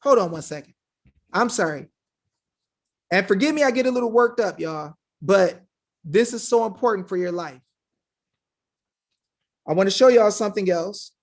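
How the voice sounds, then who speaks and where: A woman's voice: mid-range voice, lively intonation, moderate pace, pauses often. A woman giving an impassioned monologue to her viewers, preachy and fiery, firing off rhetorical questions and calling them y'all. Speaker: online legal rights commentator.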